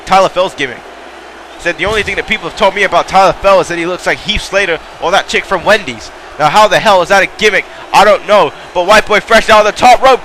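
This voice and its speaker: Here's a man doing hyped wrestling commentary: he names the moves, yells when the big spots hit, and drifts off into rambling remarks to the crowd. He talks briskly in a high register, and the recording carries a little hiss or hum.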